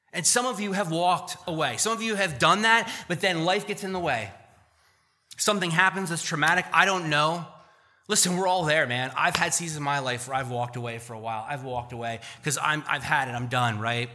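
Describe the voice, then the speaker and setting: A man preaching a sermon as pastor, swinging between loud emphatic peaks and quiet, earnest stretches. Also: on the high side. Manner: animated, rising to loud emphatic peaks then dropping to quiet earnest tones. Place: church.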